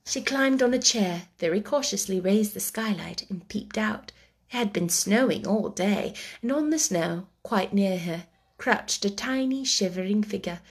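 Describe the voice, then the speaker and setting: A woman reading a children's book aloud chapter by chapter, soft and gentle, dropping to a whisper at tense moments. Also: medium pitch, unhurried. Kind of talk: chapter-by-chapter read-aloud storytelling.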